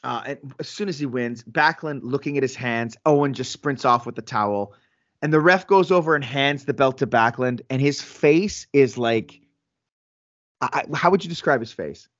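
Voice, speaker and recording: A man co-hosting a podcast in casual chat, animated, laughing often and acting out quotes. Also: medium pitch, moderate pace, dry recording, dull audio. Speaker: podcast co-host.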